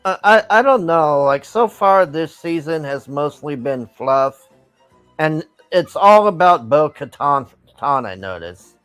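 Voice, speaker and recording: A man's voice: a little high, expressive, unhurried, a bit bright, clear, resonant tone, dry recording, soft background music. A man chatting casually as host, laid-back and often stammering and restarting. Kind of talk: casual chat.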